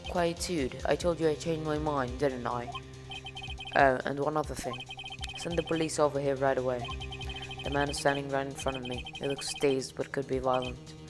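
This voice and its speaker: A woman's voice: rumbling low, fairly even intonation, normal speed. A woman voicing a haughty, threatening older male villain in a video game, speaking with cold condescension. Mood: smug. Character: smug, menacing rich older male villain. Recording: game music playing behind. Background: game music.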